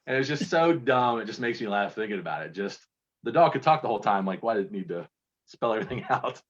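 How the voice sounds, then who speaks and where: A man from Kentucky talking in a fairly low voice, telling loose, self-deprecating stories as an interview guest. His sound is dull and lo-fi, as over a video call. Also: animated, fast, slightly rough. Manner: rambling, self-deprecating storyteller. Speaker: guest contest entrant. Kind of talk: casual interview chat.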